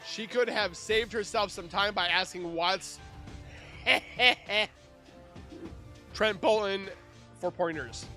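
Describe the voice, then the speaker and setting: A man's voice: high-pitched, fairly bright tone. A man reading through a case timeline and breaking in with sarcastic, scornful asides in casual commentary. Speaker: true crime YouTuber.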